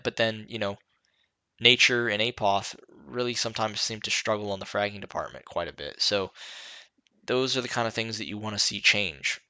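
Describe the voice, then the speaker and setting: A man's voice: lowish voice, bright, forceful tone, no echo. A tired young man hosting a solo esports podcast, rambling through match analysis with lots of fillers and restarts. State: tired, yawning. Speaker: podcast host.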